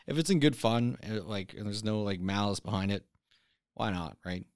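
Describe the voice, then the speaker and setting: A man's voice: fairly low pitch, moderate pace, dry recording, studio quality. A Canadian man in crude, joking casual chat, swearing freely.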